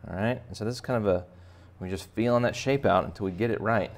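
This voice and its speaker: A man with a deep, gravelly voice leads a relaxed drawing lesson for kids. He talks the viewer through each step and tosses in playful jokes as he draws. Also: quick pace. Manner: chatty, joking asides while sketching. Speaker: art teacher. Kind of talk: casual drawing tutorial for kids.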